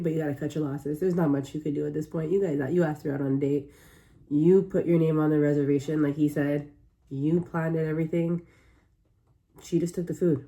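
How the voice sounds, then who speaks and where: A woman's voice: sits low, warm tone. A woman hosting a reaction video, talking casually to viewers in an exclamatory, incredulous way.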